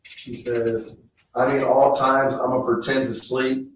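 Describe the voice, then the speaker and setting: A man on the witness stand reading text messages aloud in a slow, measured way. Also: mid-range voice, level tone, a little hiss or hum. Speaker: trial witness. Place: courtroom. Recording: echoey courtroom feed, distant mic.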